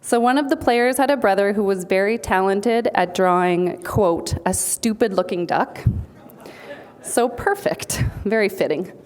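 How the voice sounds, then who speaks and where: A woman's voice: mid-range voice, a little slow, darkish tone, clear, resonant tone. Woman giving a playful punning speech. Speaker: speaker accepting an award for a team. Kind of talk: humorous prepared speech. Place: banquet hall.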